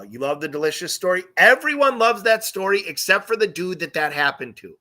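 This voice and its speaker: A man's voice: fairly high pitch, bright, forceful tone. A young man hosting a live stream, telling a rambling, profane, self-mocking story and acting out the voices of the people in it. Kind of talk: casual storytelling.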